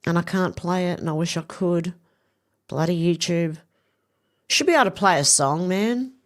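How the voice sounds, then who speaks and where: A woman's voice: lowish voice, normal speed. A woman, giving casual, opinionated commentary with rambling asides. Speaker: video commentator. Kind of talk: casual commentary reading out social posts.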